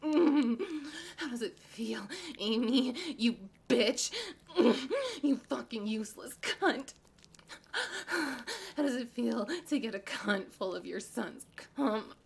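A woman acting in an erotic audio role-play as a desperate, pleading, domineering adult woman, breathy and alternating between whispers and sobs. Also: on the high side, lively intonation, slow, full character voice.

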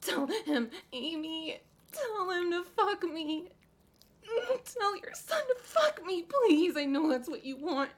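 In an erotic audio role-play, a woman plays a desperate, pleading, domineering adult woman, breathy and switching between whispers and sobs. Her voice is high and steady, unhurried, with few pauses.

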